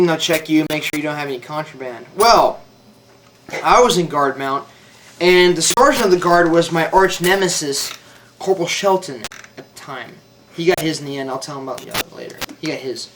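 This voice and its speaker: A young former Marine with a voice on the high side tells a story about his service, recorded far from the mic with slight background noise. He rambles and swears casually, packing in lots of "like" and "dude."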